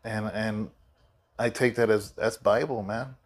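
Tired, rambling middle-aged pastor. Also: male voice, fairly low pitch, fairly even intonation, unhurried. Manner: rambling, conversational, many fillers and restarts. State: sleepy, yawning. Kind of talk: casual spoken devotional.

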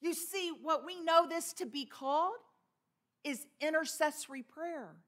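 Bright high-voiced woman preacher from Texas. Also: a little slow. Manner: storytelling with laughs and imitated voices. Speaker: pastor. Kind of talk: sermon. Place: church sanctuary.

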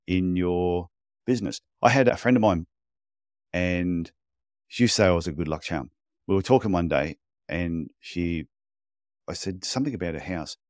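Chatty man with a low voice. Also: no echo, clean studio sound. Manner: animated storyteller, blunt and chatty. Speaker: podcast co-host, podiatry business coach. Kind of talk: casual podcast chat.

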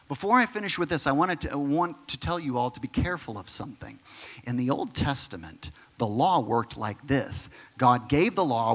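A man's voice: fairly high pitch, fairly bright tone. A male pastor giving an earnest, conversational sermon and speaking straight to his congregation. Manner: earnest, repeats words, talks straight to the congregation.

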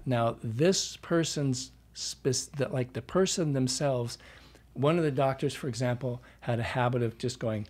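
A man's voice: mid-range voice, steady tone, unhurried, darkish tone, husky. A middle-aged man, a dialect coach, telling anecdotes in a casual interview and quoting himself as he goes.

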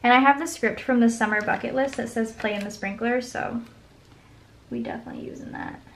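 A woman's voice: on the high side, a little fast, vocal fry, fairly bright tone, slight background noise. A young woman vlogging casually as she decorates her planner, telling stories in a chatty, rambling way full of fillers. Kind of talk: casual plan-with-me chat.

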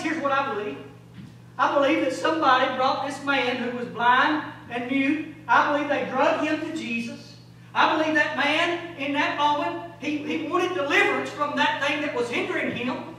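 A man preaching a sermon, emphatic and rhetorical, moving between loud exhortation and low urgent passages with folksy asides. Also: moderate pace. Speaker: pastor. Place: large church sanctuary. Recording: very echoey hall, distant mic, faint hum.

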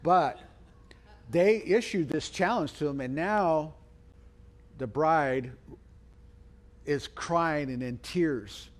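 Pastor guy giving a sermon, kinda high voice, tells the story dramatic-like and does the voices. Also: slow, long pauses. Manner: storytelling, acts out quoted voices with big pitch swings.

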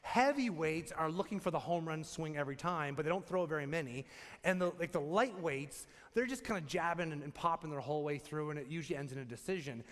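A male pastor preaches with lively, joking storytelling in a slightly raised voice. His words ring out with the long reverb of a church hall. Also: a little high, quick pace. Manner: animated, humorous storytelling. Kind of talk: sermon.

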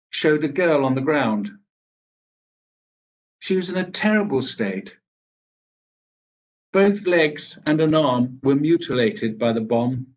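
An older man delivers a speech, his voice sitting a little high for a man. He recounts the story slowly and gravely, pausing between phrases. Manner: measured, grave storytelling with pauses. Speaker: speaker at a veterans' event. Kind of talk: personal recollection in a speech.

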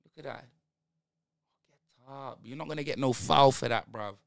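A man's voice: medium pitch, moderate pace, vocal fry, a bit bright. A young man, ranting in slang through a live football watch-along stream. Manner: exasperated, slangy ranting at the match.

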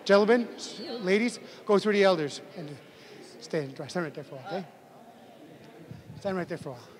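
In a long, reverberant hall with crowd noise around him, a man with an animated, high-pitched voice talks fairly quickly. He's teaching a language class, leading the group through a greeting drill, chuckling often and urging them to speak up.

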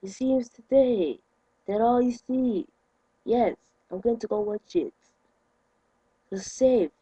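A young man, ranting indignantly to his camera in a vlog, with sudden loud outbursts. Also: extremely high pitch, slow pace, husky, dry recording, rough recording. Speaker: vlogger.

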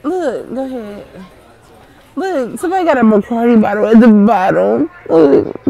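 A woman's voice: high-pitched, gravelly, warm tone. A woman filming a casual vlog in a pet store, cooing at puppies. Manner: cooing, baby-talk at puppies. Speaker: vlogger.

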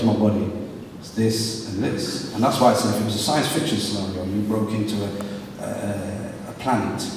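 A middle-aged man from England, a guest speaker giving an animated storytelling talk to a live audience, slipping into street voices for quotes. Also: medium pitch. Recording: echoey hall, voice from far off, faint noise.

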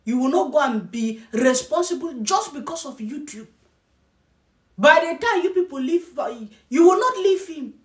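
A woman's voice: sits high, lively intonation, normal speed. A woman vlogger giving scolding, mocking reaction commentary and repeating herself for emphasis. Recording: roomy echo.

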